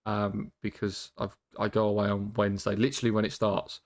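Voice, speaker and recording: Deadpan man hosting a podcast. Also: lowish voice, a little fast. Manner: dry, deadpan humour with many ums. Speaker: podcast host. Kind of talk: casual cricket chat.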